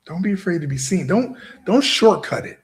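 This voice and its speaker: Emphatic higher-voiced male host. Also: lively intonation, moderate pace, creaky. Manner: emphatic, repetitive, keeps asking "right?". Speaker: show host. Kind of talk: motivational monologue to a live audience.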